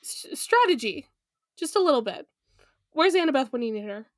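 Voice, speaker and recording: A woman's voice: high voice, very animated, normal speed, no room sound, studio quality. A woman co-hosting a podcast episode recap in casual, giggly chat full of fillers. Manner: chatty, giggly, lots of fillers. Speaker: podcast co-host.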